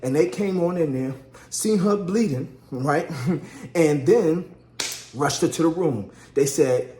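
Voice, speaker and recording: A man spins a lively story about his wife's labor, calling out to viewers as he goes. His voice sits a little high. The room around him is echoey. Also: slow pace, slight background noise. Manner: animated, chatty, addresses viewers as y'all, acts out quotes. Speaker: husband telling a birth story. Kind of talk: casual storytelling vlog.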